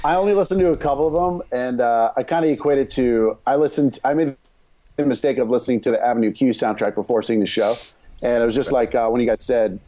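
Male podcaster, mellow tone, rambling and jokey, casual movie talk. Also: mid-range voice, quick pace. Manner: rambling, self-interrupting, joking.

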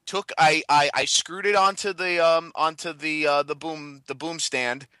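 A man co-hosting a podcast, telling a rambling, halting story in casual banter. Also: a little high, fairly even intonation, bright, forceful tone, smooth, dry recording. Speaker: podcast co-host.

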